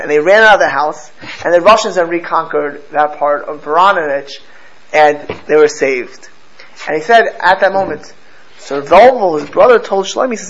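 A man teaching a lesson through a story, animated and often restarting and repeating his words. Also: sits high, normal speed. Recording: slightly dull with faint background noise.

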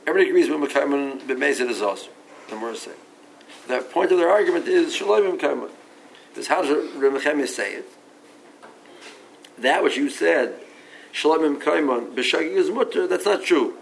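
A man's voice: a little high, animated, fairly quick, gravelly, pauses often, a little hiss or hum, poor audio. A man giving a Talmud study lecture, reasoning aloud and mixing English with Aramaic and Hebrew terms, often repeating himself as he restarts sentences. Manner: frequent restarts and repeated words. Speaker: Talmud teacher.

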